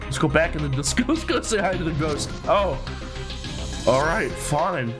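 A man's voice: fairly high pitch, animated, moderate pace, over music. A young man hosting a let's play of a horror game, talking in casual commentary, joking, swearing and sarcastic.

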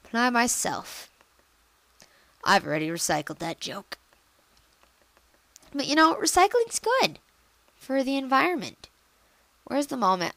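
Excitable woman with a lively, jumping voice. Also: a little slow, pauses often, no echo. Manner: excitable, chatty, jumps into squealy high bursts. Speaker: gameplay commentator. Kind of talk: casual let's-play commentary.

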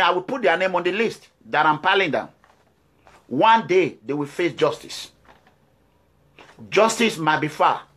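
A man's voice: high voice, bright, forceful tone. A Nigerian man speaking English with a Nigerian accent, giving a fiery, defiant address to his followers with repeated declarations. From Nigeria (Edo State). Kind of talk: impassioned video address.

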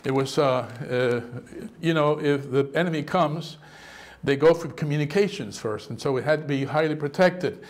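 High-voiced man preaching a lively sermon. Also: moderate pace. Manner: animated preaching, acts out quoted voices. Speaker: pastor.

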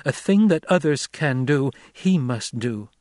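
A man's voice: mid-range voice, animated, a little slow, a little mellow, no room sound, clean studio sound, pitched above the performer's own voice, close to an everyday voice. A man reading the lines of a young woman who gives firm, urgent commands. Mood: quiet firm.

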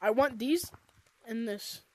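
A woman giving excited gameplay commentary, gushing and squealing, with "oh my gosh" and "dude" constantly. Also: on the high side, slow, a little hiss or hum. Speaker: gaming video creator.

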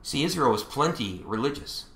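A man's voice: mid-range voice, expressive, moderate pace, fairly bright tone, echoey room. A man preaching a sermon as pastor, explaining scripture with some fillers and restarts, and reading verses aloud with rising emphasis.

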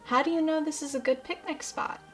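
A woman voicing a cheerful young boy in a storybook reading, with a bright, friendly manner. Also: high-pitched, fairly even intonation, a little fast, faint music behind, natural voice.

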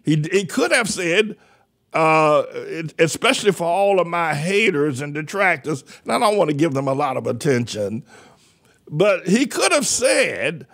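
A man preaching a teaching sermon, emphatic, repeating phrases for stress, his pace slowing and then rushing. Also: a little high, big pitch swings, vocal fry, a bit bright. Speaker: pastor.

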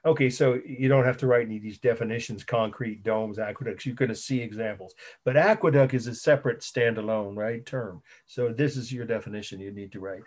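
A middle-aged man teaching an art history class at an ordinary pitch. He rambles, corrects himself mid-sentence and spells out new terms letter by letter for his students. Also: a little fast, hardly any pauses. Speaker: college art history lecturer. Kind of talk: recorded online lecture.

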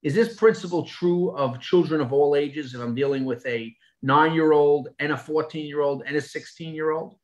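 A man, a rabbi moderating, asking a measured, thoughtful question on a video call. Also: fairly high pitch.

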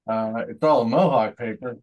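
A man's voice: mid-range voice, unhurried, muffled recording. A man chatting casually on a video call while painting, rambling and correcting himself. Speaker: artist painting during a group session.

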